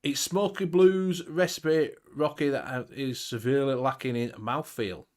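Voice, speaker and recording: A man's voice: medium pitch, unhurried, a little mellow. A British man hosting a casual group chat, blunt and sweary, laughing often. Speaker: show host.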